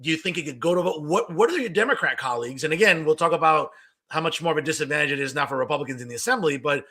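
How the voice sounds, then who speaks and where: A man hosting a political interview show, talking quickly and animatedly and affirming his guest with frequent yeahs. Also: a little high, expressive, pushed and bright, husky. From New Jersey. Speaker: host.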